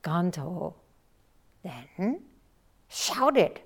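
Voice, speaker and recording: A woman Zen teacher giving a dharma talk, telling a story slowly and reflectively and acting out the quotes. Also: fairly low pitch, very animated, darkish tone.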